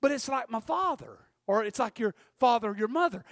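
A male pastor preaching a sermon, telling a story and swinging between loud and hushed. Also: very high voice, animated, fairly quick, hardly any pauses, dry recording, clean studio sound.

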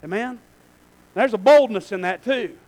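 A male pastor preaching a sermon in a church, swinging between shouted lines and quiet asides. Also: sits high, normal speed, low-quality recording.

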